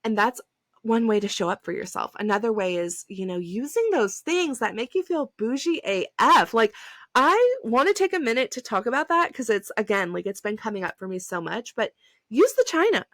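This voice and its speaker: A woman in her thirties hosts a solo podcast, her voice on the high side, expressive, and a bit bright at a normal speed. She chats effusively in casual solo talk, sprinkling in lots of "like" fillers and emphatic bursts. The recording is dry and studio quality.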